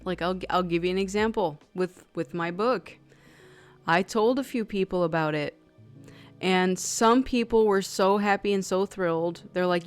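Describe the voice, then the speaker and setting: A woman's voice: lowish voice, unhurried, smooth, faint music behind. Chatty woman giving a tarot reading. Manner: conversational, chatty with many "like" fillers; acts out quoted people in lively voices. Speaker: tarot reader.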